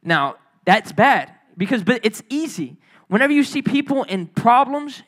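A high-pitched man delivering a storytelling sermon, casual and full of slang. He swings between quiet asides and loud, excited retellings, voicing the people in his tales as he goes. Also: moderate pace. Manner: animated, slangy, acts out the people in his stories. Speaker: preacher. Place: church hall.

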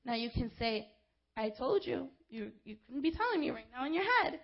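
A woman delivers a sermon in a high voice. She is impassioned and direct, talking straight to her congregation with informal asides. The recording is somewhat dull and lo-fi. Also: lively intonation, moderate pace. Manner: impassioned, rising to shouts when quoting crowds. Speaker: preacher.

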